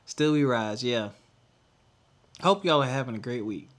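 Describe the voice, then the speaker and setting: A young adult man co-hosting a podcast, venting candidly in casual chat and trailing off into quiet mutters. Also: mid-range voice, lively intonation, a little slow. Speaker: podcast co-host.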